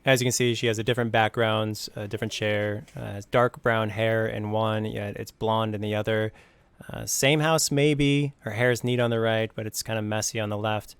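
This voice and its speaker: A man gives skeptical video commentary and keeps pressing questions about what he shows. His voice is smooth and resonant. The sound is close and dry. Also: on the low side, little pitch movement, moderate pace, no room sound. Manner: probing and skeptical.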